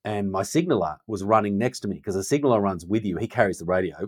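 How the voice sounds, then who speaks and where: A man's voice: fairly low pitch, expressive, quick pace, slightly rough, no echo. A middle-aged man, a leadership consultant telling stories conversationally and acting out quoted dialogue with animation. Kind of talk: conversational storytelling.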